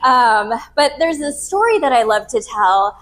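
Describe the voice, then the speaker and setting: A woman's voice: fairly high pitch, big pitch swings, a little slow, a bit bright. A woman in her thirties, a podcast host telling a candid personal story to a live group in a casual, frank way. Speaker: podcast host and retreat leader.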